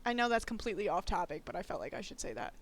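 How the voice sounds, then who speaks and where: A woman's voice: mid-range voice, sing-song, very fast. A woman streamer chatting casually and laughing a lot while she draws live. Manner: giggly, chatty, self-teasing.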